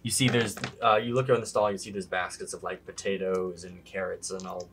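Deep-voiced man running a tabletop game. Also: flat delivery, creaky. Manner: halting, filler-heavy improvised description. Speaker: game master. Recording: noisy recording.

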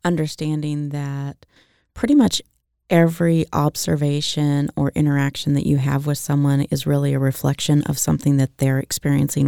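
A woman's voice: low-pitched, vocal fry, mellow, clean tone, dry recording, clean studio sound. A woman co-hosting a podcast in casual chat, laughing often and chiming in to back up her partner. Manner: laughs often, supportive interjections. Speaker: podcast co-host.

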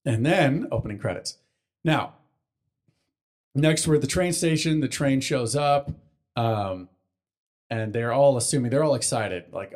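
A young man co-hosting a casual podcast, swearing freely and rambling as he recaps a cartoon episode, jumping into quick character voices. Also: medium pitch, a little mellow. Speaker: podcast co-host.

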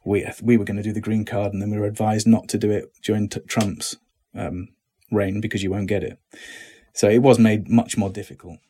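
Brief: middle-aged British man, low husky voice, relaxed interview guest. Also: fairly quick. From Britain. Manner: relaxed, self-deprecating, many restarts. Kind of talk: casual interview chat.

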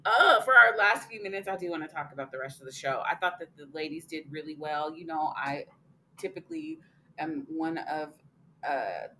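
Low-voiced woman cohost, blunt, swears, bit of faint hiss behind her. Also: big pitch swings, normal speed, bright, forceful tone, low-quality recording. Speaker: podcast co-host. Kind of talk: casual chat.

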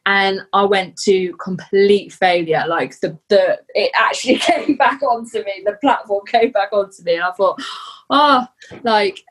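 A young adult woman speaking as a podcast guest, earnest and heartfelt, pausing often to gather her thoughts. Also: mid-range voice, breathy edge, poor audio. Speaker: podcast guest, fitness athlete. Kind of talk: casual interview chat.

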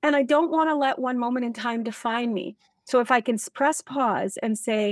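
A woman speaking as a leadership expert in an interview, energetic and acting out example dialogue as she explains. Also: on the high side, normal speed, hardly any pauses, dry recording. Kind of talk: animated interview talk.

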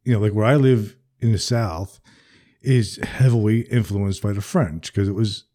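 An American man hosts a relaxed chat in a mellow, lowish voice. He talks loosely, with "like" and "you know" scattered through his sentences. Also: moderate pace. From New Jersey, United States. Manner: relaxed, says "like" often. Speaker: podcast host. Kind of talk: casual chat.

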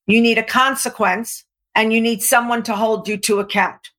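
A woman coach with a slightly high voice talks to an interviewer. She's emphatic and animated, acting out quotes in her stories and slowing down to stress the key points.

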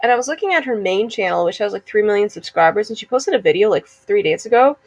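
A woman's voice: mid-range voice, animated, no room sound. Chatty girl in her 20s, podcast chat, laughs a lot, dry close sound. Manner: chatty, fast-flowing, laughs often. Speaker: podcast co-host. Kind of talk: casual chat.

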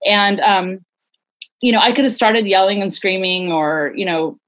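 A woman's voice: mid-range voice, unhurried, fairly bright tone. A woman in her forties, a parenting expert guest, explaining ideas in an earnest, conversational way with many "you know"s.

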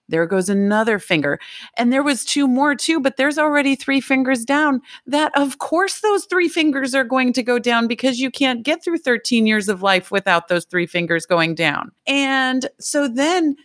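A woman's voice: a little high, moderate pace, a bit bright, no echo, studio quality. A middle-aged woman, an interview guest, explaining and telling a story in a conversational way. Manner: storytelling, explanatory, acts out quoted voices. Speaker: guest expert on self-esteem.

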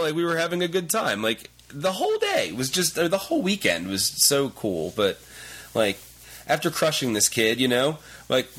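A man's voice: lowish voice, a bit bright. A man hosting a podcast, talking casually in a rambling, self-deprecating way. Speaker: podcast host.

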